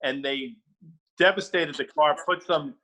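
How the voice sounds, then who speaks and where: A man's voice: on the high side, measured pace, sharp tone, rough recording. A man co-hosting a casual talk show about markets, with wry, joking asides. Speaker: podcast co-host.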